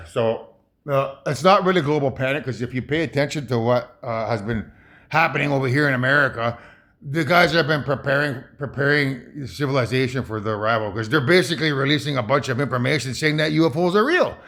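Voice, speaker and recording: Heated and profane, this Ontario man from Saugeen First Nation rambles through commentary on a video, emphatic and constantly restarting his sentences. His medium-pitched, slightly bright voice is animated and moves a little fast.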